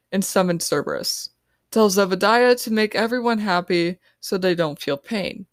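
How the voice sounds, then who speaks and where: A woman voicing a young female team leader who gives quick, quiet orders. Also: medium pitch, no room sound, clean studio sound, natural voice. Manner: hushed, hurried orders.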